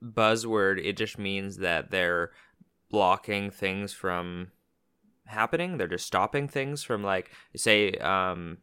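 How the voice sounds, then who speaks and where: Guy cohosting a chill podcast, cracks jokes and asks questions, bright tone. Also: deep voice, slow pace, clean tone. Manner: joking, laughing often, asking for clarification. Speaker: podcast co-host. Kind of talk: casual podcast chat.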